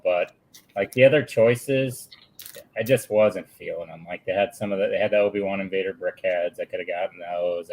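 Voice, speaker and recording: Man, low voice, laid-back, casual chat, trails off. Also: rough recording. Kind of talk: casual chat among friends.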